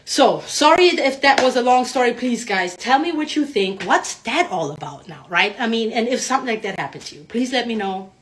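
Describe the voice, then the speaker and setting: Animated chatty woman telling a story. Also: on the high side, fairly quick, few pauses, a little hiss or hum. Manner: animated, chatty, lots of "right?" and "like". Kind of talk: casual storytelling to camera.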